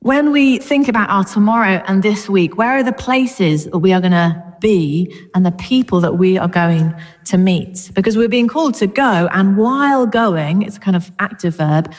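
A woman's voice: medium pitch, expressive, measured pace, in a large hall. A woman preaching a sermon in a church, chatty and informal with touches of humour. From Britain.

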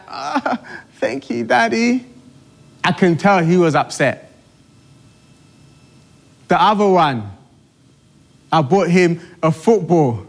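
A middle-aged man preaching a sermon with emphatic, repetitive exhortation. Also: on the high side.

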